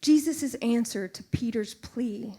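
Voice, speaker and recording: A middle-aged woman preaches slowly and earnestly, her voice fairly high and full of emotion. Now and then she drops to a hushed whisper for emphasis.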